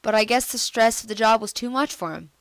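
A woman giving casual let's-play commentary on a computer game, chatty and excitable, jumping into squealy high bursts. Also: brisk, no room sound. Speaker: gameplay commentator.

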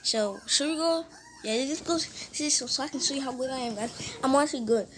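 A woman giving casual, excitable commentary while playing a mobile game, swearing often and putting herself down. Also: high voice, fairly quick, a little hiss or hum. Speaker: gamer. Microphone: phone. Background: loud music.

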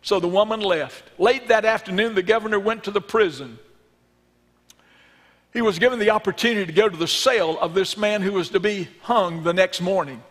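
A male pastor preaching a sermon and leading a closing prayer in a church, earnest in his storytelling and hushed in prayer. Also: high-pitched, a little fast. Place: church sanctuary. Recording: long reverb in a church sanctuary.

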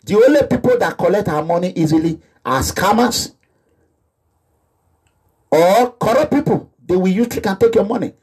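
Impassioned Nigerian man, husky high voice. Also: lively intonation, normal speed, pauses often, a little mellow. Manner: impassioned, repetitive, preaching in pidgin phrases. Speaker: activist vlogger. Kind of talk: animated monologue.

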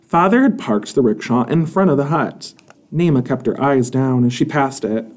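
A man's voice: mid-range voice, expressive, moderate pace, darkish tone. Man reading a chapter book aloud. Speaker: storybook reader.

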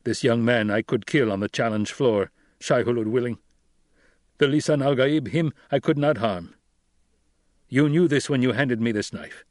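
A man voicing a gruff, proud desert tribal leader who growls his words, in a dry audiobook recording. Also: mid-range voice, moderate pace, a little mellow, dry recording, close to an everyday voice.

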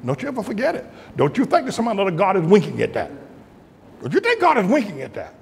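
An older man preaching a fiery sermon as pastor, breaking into laughter and shouting at the high points. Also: huge pitch swings, fast, creaky. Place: large church hall. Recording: echoey church hall.

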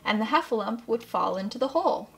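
Woman reading as a gentle, slow-witted bear in a storybook, speaking softly and unhurriedly. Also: fairly high pitch, lively intonation, creaky, soft background music. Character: slow, simple-minded gentle male bear.

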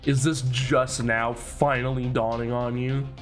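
A man's voice: mid-range voice, level tone, measured pace, soft background music, close to an everyday voice. A man voicing a blunt, affectionate teenage schoolgirl, reading her game lines in a teasing way.

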